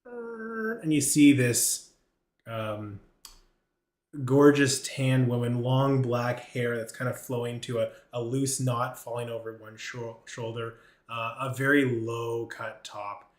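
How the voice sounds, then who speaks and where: A man's voice: mid-range voice, slow pace. A man running a tabletop game as game master, narrating with a hesitant manner and many fillers. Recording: roomy echo.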